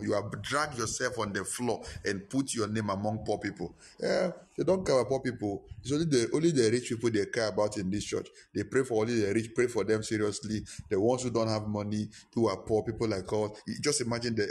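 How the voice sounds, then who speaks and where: A male pastor, preaching a sermon with impassioned repetition and sudden high-pitched emphasis.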